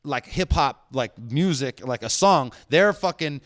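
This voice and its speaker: A man's voice: medium pitch, animated, measured pace, a bit bright, no echo, clean studio sound. A man hosting a casual podcast chat, laid-back, swearing and laughing often. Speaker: podcast host.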